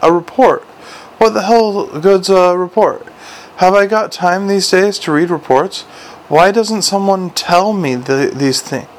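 Man voicing a harried watch commander, gruff, blunt, gravelly. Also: fairly high pitch, normal speed, rough recording. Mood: furious. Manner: blunt, exasperated, bursts into shouting. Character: gruff harried middle-aged male city watch commander.

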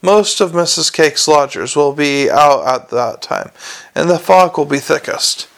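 A man's voice: on the high side, lively intonation, unhurried, gravelly, a bit bright, heavily acted. A man voicing a deferential, cold-blooded male assassin-servant in an audiobook, clipped, formal and unemotional. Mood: deadpan. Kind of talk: audiobook character reading.

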